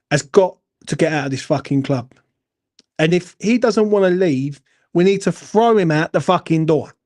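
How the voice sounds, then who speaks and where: A man's voice: high voice, warm tone. A man with an East London accent, host of a football fan channel, ranting angrily to camera after a match, blunt and full of swearing, tagging "right?" and "yeah?" onto his lines. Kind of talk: angry post-match rant to camera.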